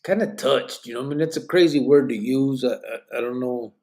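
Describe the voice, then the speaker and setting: A man hosts a live podcast in a mid-range, mellow voice that runs a little fast. Yawning and tired, he rambles loosely through chat comments with some Spanish slang, keeping it casual live-stream chat.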